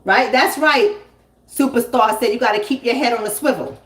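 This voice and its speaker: A woman hosting a live stream, telling a story and answering chat in an animated, emphatic way, often repeating lines for effect. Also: a little high, moderate pace, reverberant. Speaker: relationship coach and channel host.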